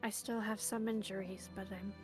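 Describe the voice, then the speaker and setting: A woman speaking quietly as a player in a tabletop game. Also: medium pitch, steady tone, moderate pace, over music. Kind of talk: casual tabletop play chat.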